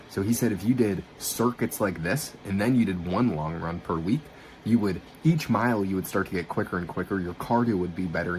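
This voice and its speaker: Deep-voiced man telling a story casually. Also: a little hiss or hum. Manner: swearing, animated retelling with quoted dialogue. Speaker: vlogger.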